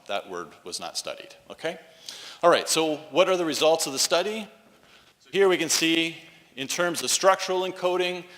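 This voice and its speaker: A man lecturing in a university hall, his bright voice ringing with a long echo. He talks with lively ups and downs, tags points with quick checks, and coaxes replies from the room. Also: mid-range voice. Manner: animated, frequent "right?" tags, coaxes audience responses.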